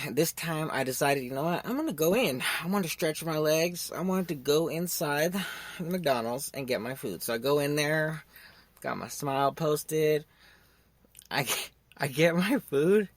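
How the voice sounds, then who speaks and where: A young man hosting a podcast, telling a story in a rambling, casual way. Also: mid-range voice. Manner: rambling, animated when acting out quotes. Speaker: podcast host.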